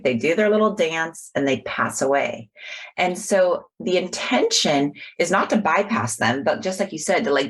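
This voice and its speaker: A middle-aged woman psychologist talking in an earnest way, explaining ideas through personal stories on a podcast call. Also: fairly low pitch. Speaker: guest, psychologist. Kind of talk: podcast conversation.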